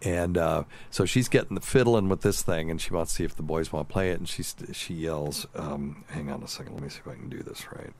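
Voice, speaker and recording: A man's voice: rumbling low, a little fast, few pauses, darkish tone, slight background noise. A man hosting a casual podcast as a doctor, telling loose, chatty stories and laughing often.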